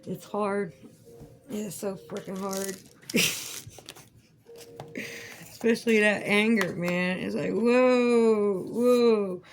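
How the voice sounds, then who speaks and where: A woman's voice: mid-range voice, steady tone, slow pace, pauses often, a little hiss or hum, poor audio. A woman vlogging at home, rambling casually with lots of swearing and frequent laughs. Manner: profane, rambling, laughs often. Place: at home while crafting.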